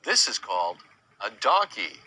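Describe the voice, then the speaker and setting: A man teaching young children about animals in a slow sing-song way, imitating animal sounds and asking them questions. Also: fairly low pitch, wildly swooping pitch, pushed and bright, breathy edge, poor audio. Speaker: children's educator.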